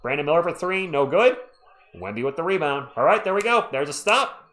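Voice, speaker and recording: A man with a fairly high voice calls basketball play-by-play on his own live stream, and his pitch jumps around a lot as he gets excited. He rambles casually, stops to answer viewer comments, and cheers for his team between calls. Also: a little fast.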